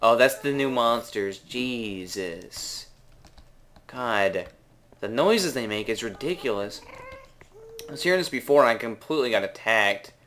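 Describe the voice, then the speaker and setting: A young man with a Canadian accent giving casual, rambling gameplay commentary, unsure of himself, with drawn-out words. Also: medium pitch, animated, fairly bright tone, slight background noise. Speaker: gaming video maker.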